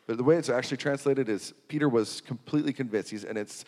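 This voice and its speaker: A man preaching a sermon, swinging from hushed to loud and repeating phrases for emphasis. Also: mid-range voice, fast, hardly any pauses. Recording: long hall reverb.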